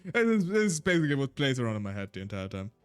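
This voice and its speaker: A man's voice: medium pitch, big pitch swings, racing, clear, resonant tone, faint music behind. A man with a German accent, a native German speaker, chatting casually on a solo stream in a rambling, self-deprecating way.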